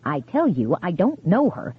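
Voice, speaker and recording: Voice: mid-range voice, wildly swooping pitch, normal speed, slightly rough, full character voice. A narrator voicing a frail old widow, weak and quavery, frightened and angry. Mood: angry, panicked. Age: older. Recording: tinny phone-like sound.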